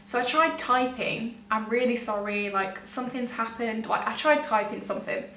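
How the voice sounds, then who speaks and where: A young woman speaks casually to her camera, her fairly high voice wandering through the story with restarts and nervous little laughs. She sits some way from the mic in an echoey room, with a faint hum underneath. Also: normal speed, fairly bright tone, distant mic. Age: young adult. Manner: rambling, self-interrupting, laughs nervously. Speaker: vlogger.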